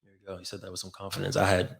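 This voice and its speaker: A man's voice: low voice, completely flat delivery, rapid-fire, creaky. A man hosting a health podcast, giving playful, hyped-up introductions and chatting casually. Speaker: podcast co-host.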